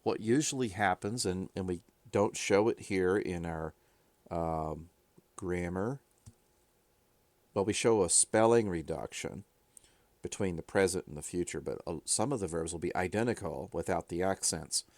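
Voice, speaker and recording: A man's voice: low-pitched, unhurried, a little mellow, dry recording. A man teaching a recorded grammar lesson, talking it through informally and thinking aloud as he goes. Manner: thinking aloud, informal, with fillers and self-corrections. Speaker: Greek teacher.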